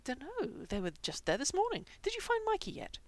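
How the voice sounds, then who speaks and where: A woman's voice: high-pitched, wildly swooping pitch, brisk, voice pushed up, exaggerated voice. A woman voicing an enthusiastic young man who keeps hamsters, speaking in eager exclamations. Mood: puzzled.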